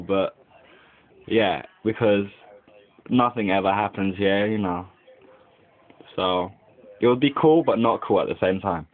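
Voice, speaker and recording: A young man drifts through a bored, rambling monologue, dropping "like" every few words and swearing freely. His voice sits a little low and his delivery is slow and unhurried. The sound is thin and tinny, like an old webcam recording. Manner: rambling, heavy use of "like", lots of swearing. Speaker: vlogger. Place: indoors at home by a window.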